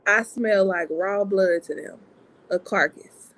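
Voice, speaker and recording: A woman's voice: medium pitch, slow, fairly bright tone, low-quality recording. A woman co-hosting a casual panel chat, candid and joking. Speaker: panel co-host.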